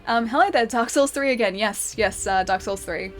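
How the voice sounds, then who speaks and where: A woman's voice: on the high side, normal speed. A young Australian woman chatting casually while livestreaming a game, giggling often and answering her chat. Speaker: streamer. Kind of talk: live game stream chat.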